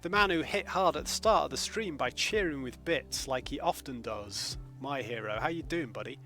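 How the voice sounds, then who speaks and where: Greeting viewers by name as he plays, a man from England chats casually during a live gameplay stream at home. His mid-range voice is animated, bright and forceful at a moderate pace, with faint music behind him.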